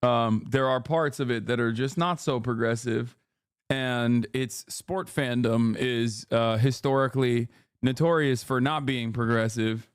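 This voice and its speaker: Guy streaming, swears a lot, quick asides, smooth clear voice, dry close mic. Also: medium pitch, fairly even intonation, dry recording. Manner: brash, profane, quick asides. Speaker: livestream host. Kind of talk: casual livestream commentary.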